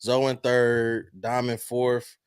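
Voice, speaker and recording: A man's voice: mid-range voice, completely flat delivery, slow pace, clean tone, no room sound, studio quality. A man co-hosting a casual sports podcast, joking and easygoing as he runs down standings. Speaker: podcast co-host.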